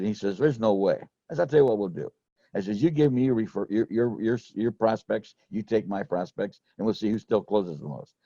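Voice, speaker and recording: It's a casual storytelling chat: a middle-aged man who used to manage insurance sales rambles through folksy anecdotes, restarting again and again. He has a low, mellow voice, and the recording is muffled with no echo.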